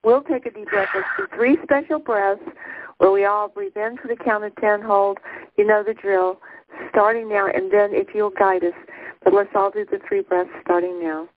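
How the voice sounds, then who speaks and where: A woman on a spiritual call-in show, warmly encouraging the caller and guiding everyone through deep breaths. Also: normal speed. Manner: encouraging, guides group breathing. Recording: tinny phone line.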